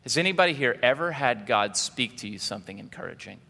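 A man's voice: mid-range voice, lively intonation, fast talker, vocal fry, pushed and bright. A man preaching a sermon as pastor, earnest and often repeating words as he searches for phrasing. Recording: long hall reverb.

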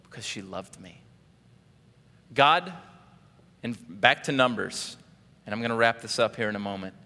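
A male pastor preaching with a bright, forceful voice and an animated delivery, often putting questions to the congregation. His words ring out with a long hall reverb. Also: lowish voice, moderate pace. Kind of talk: sermon.

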